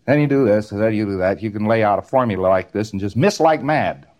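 A man's voice: lowish voice, fast, a little mellow. A man giving a recorded lecture, rambling and repeating words in rhythmic runs, often ending on a tag question.

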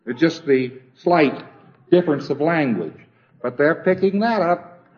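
A man with a slightly high voice gives an informal lecture in a wry, conversational manner. He often circles back and repeats phrases as he works through a thought. The recording is dull and lo-fi. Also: expressive, a little slow.

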